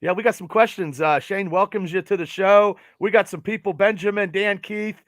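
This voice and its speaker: A man's voice: high-pitched, fairly even intonation, moderate pace, dry recording. A man hosting a sports podcast, enthusiastic and talkative. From United States. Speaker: podcast host. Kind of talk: casual sports podcast chat.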